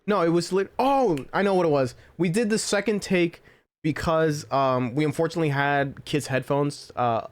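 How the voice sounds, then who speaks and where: A man co-hosting a livestream in casual chat, playful and quick to laugh. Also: a little high. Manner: playful, laughs often, agreeable. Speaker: co-host of a livestream.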